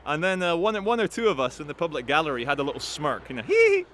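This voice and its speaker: A man telling a story to camera in an animated, profane, rambling way. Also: fairly high pitch, quick pace, a little hiss or hum. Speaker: activist vlogger.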